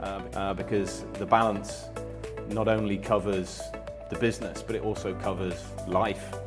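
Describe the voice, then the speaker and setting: A man, a company co-founder, reminiscing in a relaxed storytelling way, with many fillers and restarts. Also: fairly low pitch, normal speed. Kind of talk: anniversary reminiscing. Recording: music playing under the voice.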